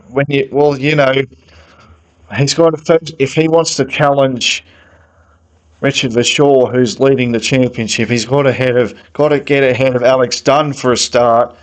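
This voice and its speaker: A man's voice: mid-range voice, low-quality recording. A man giving a casual, opinionated motorsport analysis, thinking aloud in a conversational way. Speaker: motorsport fan commentator. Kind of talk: casual sports analysis monologue.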